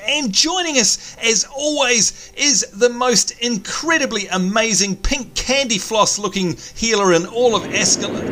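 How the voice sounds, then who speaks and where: Excitable male let's-play host, high voice, very animated delivery. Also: measured pace, a little hiss or hum. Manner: excitable, teasing, laughs often. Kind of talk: casual gaming commentary.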